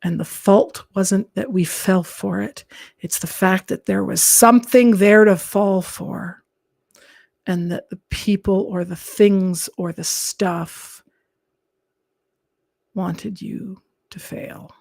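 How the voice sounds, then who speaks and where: A woman speaks on a live stream in an unhurried, earnest way. Her voice carries a gravelly fry and sometimes sinks to a soft whisper. The sound is close and dry. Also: mid-range voice, fairly even intonation, no room sound. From Canada. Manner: gentle, earnest, drops into soft whispered asides. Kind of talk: calm reflective live-stream talk.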